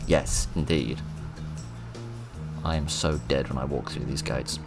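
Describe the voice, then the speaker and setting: A man giving let's play commentary, excitable and self-mocking, reading game lines aloud in put-on voices. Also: a bass voice, a little slow, over music. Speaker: gaming video host.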